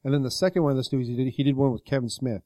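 A man talking fast in a mellow, dark tone, rambling through a long anecdote full of "like" and quoted lines. The sound is dry and close, like a small podcast studio. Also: mid-range voice, no room sound. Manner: rambling retelling with many likes and quoted voices. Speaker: podcast co-host. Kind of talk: casual storytelling chat.

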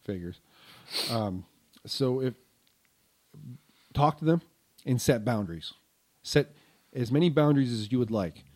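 A man's voice: mid-range voice, lively intonation, measured pace, pauses often, darkish tone. A middle-aged man with a stuffed-up nose co-hosting a casual podcast, rambling, with frequent ums and restarts. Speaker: podcast co-host.

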